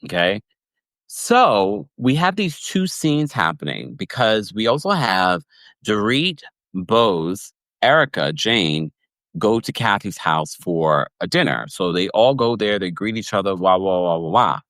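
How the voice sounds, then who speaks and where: A man hosting a livestream podcast recap, chatty and animated, laughing often and reading viewers' comments. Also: on the low side, measured pace, no room sound. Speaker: podcast host recapping reality TV.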